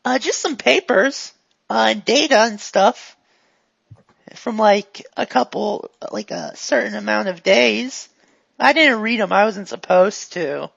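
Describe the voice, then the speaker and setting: A chirpy, high-voiced male gang member, put on by a woman, eager to help and cheerfully forgetful. His voice is gravelly and husky and rings out loud. It comes through a dull, lo-fi recording. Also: measured pace, no echo, full character voice. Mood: chatty. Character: dazed, overfriendly male gang member who keeps glitching.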